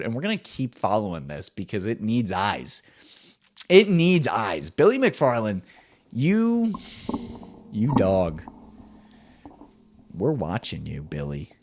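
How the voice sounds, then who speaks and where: A young man hosting a comedic solo podcast, ranting with swearing and swinging between loud bursts and muttered asides. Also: fairly low pitch. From New Jersey. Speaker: podcast host.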